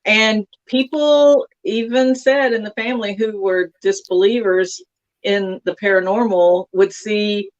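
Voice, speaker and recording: A woman's voice: medium pitch, fairly even intonation, measured pace, lo-fi sound. A woman from Texas, a guest author, chatting casually in an interview with many fillers and asides.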